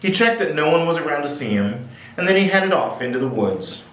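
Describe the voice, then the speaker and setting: Guy doing library storytime, super lively voice, echoey room, mic far off. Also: on the high side, fairly quick, slight background noise. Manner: playful, jokey asides. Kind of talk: reading picture books aloud.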